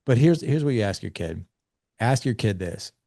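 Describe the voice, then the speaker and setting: A man in his forties giving parenting advice in an interview, energetic and acting out conversations between dad and kid. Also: on the low side, moderate pace, creaky, dry recording, clean studio sound. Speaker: guest on a parenting show.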